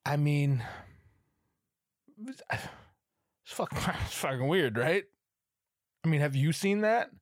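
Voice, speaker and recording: A man hosting a podcast, with a hoarse, strained throat, telling rambling, sarcastic stories full of swearing. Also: a little high, expressive, slow, pauses often, no room sound, clean studio sound. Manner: profane, rambling, sarcastic storytelling. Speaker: podcast host. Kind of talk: casual comedic monologue.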